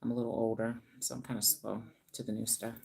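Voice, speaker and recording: A woman's voice: extremely low pitch, level tone, fast, gravelly, warm tone. A middle-aged woman hairstylist hosting a casual livestream from her salon, chatting to viewers by name while she works. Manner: chatty, talks to viewers by name, sings little bits.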